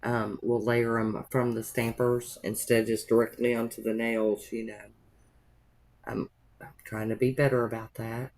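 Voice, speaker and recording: A woman's voice: extremely low pitch, level tone, moderate pace, a little mellow. A woman narrating a nail art tutorial in a chatty, rambling way, with homey asides to her viewers.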